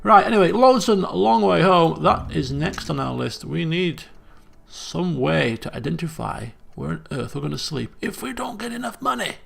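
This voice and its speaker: A man giving casual let's play commentary, talking to himself as he puzzles things out. His voice is strongly gravelly. It also sits a bit high for a man. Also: animated, normal speed, fairly bright tone. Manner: thinks aloud, self-questioning, chatty.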